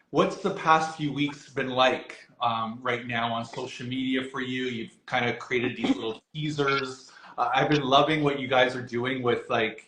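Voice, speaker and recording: A man's voice: mid-range voice, fairly bright tone. A man hosting a casual video-call interview, rambling through his questions with fillers and apologies. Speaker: interviewer for an epilepsy alliance. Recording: echoey room, faint background noise.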